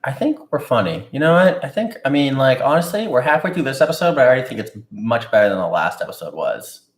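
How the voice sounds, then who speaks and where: A man's voice: mid-range voice, sing-song, fast talker. Playful young man in an echoey room. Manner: playful, jokey banter. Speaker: podcast co-host. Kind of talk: casual chat.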